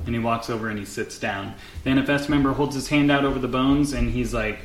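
A man's voice: medium pitch, steady tone, brisk, hardly any pauses. A man narrating as game master in a casual, loose way with plenty of fillers. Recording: echoey room with faint noise.

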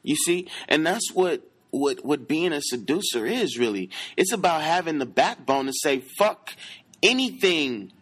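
A man's voice: fairly high pitch, animated, normal speed, hardly any pauses, husky. A man giving dating advice in a casual monologue, profane and emphatic, who keeps checking in with his listeners.

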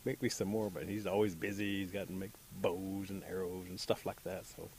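A man's voice: low-pitched, level tone, a little fast, darkish tone, slight background noise, close to an everyday voice. A man voicing a busy village woman cooking beans in a told folktale, plain-spoken and a bit put-upon.

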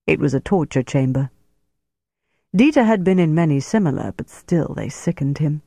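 A man narrating a novel as an audiobook in a measured, steady storytelling voice. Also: a little high, gravelly, no echo. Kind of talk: scripted narration.

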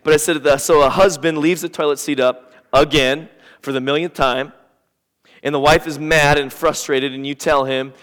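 A man's voice: a little high, fairly even intonation, normal speed, a bit bright. Man preaching in a reverberant church. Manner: conversational preaching with acted-out quotes. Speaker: pastor. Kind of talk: sermon. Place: church sanctuary. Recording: church hall with long reverb.

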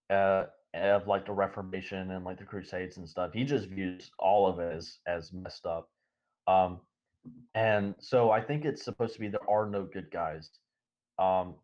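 Co-host, male, lower voice, talks in loose rambling runs padded with ums, muffled lo-fi recording. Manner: rambling, halting, many fillers. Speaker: podcast co-host. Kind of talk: casual discussion. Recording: dull lo-fi audio.

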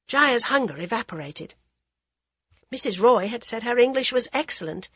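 A woman narrating a novel in a measured, even audiobook style. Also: fairly high pitch, breathy edge, dry recording.

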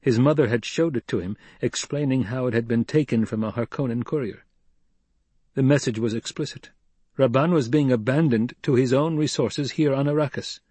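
A man narrating an audiobook in a measured, even delivery. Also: medium pitch, slightly rough, no room sound.

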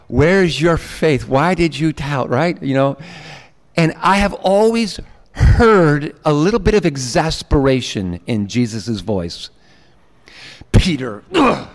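A man who is a pastor, preaching a sermon in a casual, animated way and acting out quotes. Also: high voice. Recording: long hall reverb.

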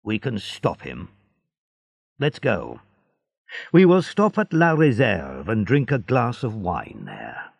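A man voicing a sly, jealous seaman in a storybook reading, often muttering low. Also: wildly swooping pitch, measured pace, vocal fry, husky, heavily acted. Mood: scheming. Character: scheming jealous male seaman.

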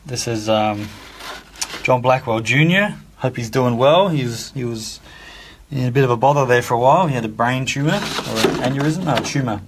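A man's voice: mid-range voice, moderate pace, noisy background. Middle-aged man, drum teacher, rambling and casual, swears a bit. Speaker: drum teacher and drum school owner. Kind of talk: casual vlog, showing keepsakes.

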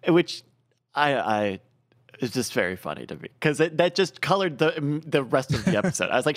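High, wildly swooping man, animated. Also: moderate pace. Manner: animated, laughing, swoops into mock voices. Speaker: podcast co-host. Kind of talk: casual chat reviewing a TV episode.

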